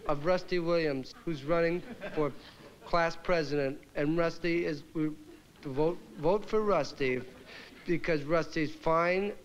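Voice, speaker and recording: An actor playing a stage performer who introduces his act in a rambling, halting way, correcting himself as he goes. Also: on the high side, muffled recording, natural voice. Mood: bumbling. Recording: noisy old TV soundtrack with crowd.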